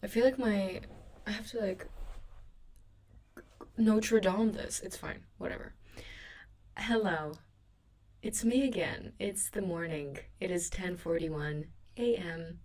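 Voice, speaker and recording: A woman's voice: on the low side, a little slow, darkish tone. A young woman hosting her own podcast, chatting casually and rambling in a sleepy, self-deprecating way from her bedroom. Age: young adult. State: sleepy, a bit sick in the throat. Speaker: podcast host. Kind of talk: casual solo podcast chat.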